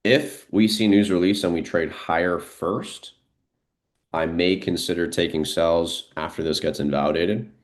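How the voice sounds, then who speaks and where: Thinking out loud in an easy, relaxed way, a man streams live trading commentary with no script and plenty of fillers. His voice is low and a little slow.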